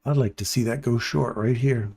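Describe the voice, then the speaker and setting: A man's voice: medium pitch, steady tone, moderate pace, a little mellow, slightly rough. A man hosting a live trading stream, giving casual, playful running commentary and talking to his viewers by name.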